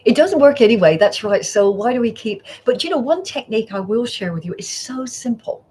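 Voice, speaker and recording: A woman's voice: a little high, animated, fairly quick. Aussie lady psychologist on a podcast, middle-aged, acts out the voices in her stories, bit of hiss. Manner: warm storyteller, acts out quoted voices. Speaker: psychologist guest. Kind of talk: podcast interview.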